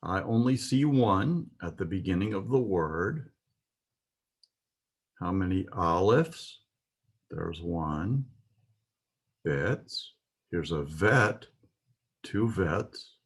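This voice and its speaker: A man's voice: low-pitched, lively intonation, extremely slow, pauses often, slightly rough. A man teaching a Hebrew alphabet lesson, patiently explaining and pointing out letters.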